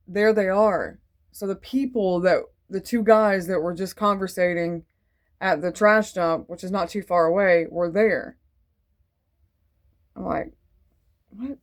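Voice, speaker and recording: A woman's voice: mid-range voice, darkish tone. A woman casually telling a faith testimony in a rambling, digressive way, full of fillers, earnest and devout. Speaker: Christian testimony vlogger.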